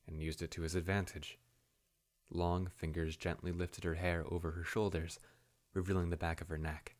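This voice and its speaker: Male narrator, very low voice, measured, fantasy audiobook reading.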